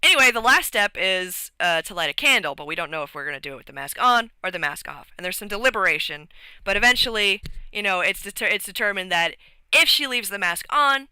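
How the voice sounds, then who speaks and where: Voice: medium pitch, lively intonation, fast, pushed and bright, clear, resonant tone, no echo, rough recording. A streamer rambling through a casual recap of a tabletop game session, with lots of fillers and restarts.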